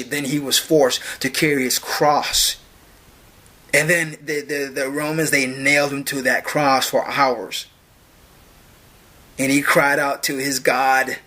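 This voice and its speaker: A man's voice: mid-range voice, bright, forceful tone, breathy edge. A man ranting to camera in a mocking way, stammering and repeating himself. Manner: stammering, rambling repetitions. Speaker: video host.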